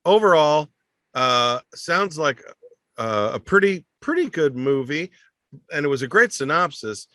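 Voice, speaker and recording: A man on a comedy podcast with a bright, forward voice, recorded close and dry. He asks questions and tosses in quick, jokey quips. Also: fairly high pitch, sing-song, no room sound. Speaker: podcast co-host. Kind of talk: casual comedy podcast chat.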